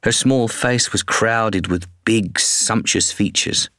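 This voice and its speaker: Deep-voiced man narrating an audiobook. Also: slow, fairly bright tone, dry recording, studio quality. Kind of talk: first-person scripted narration.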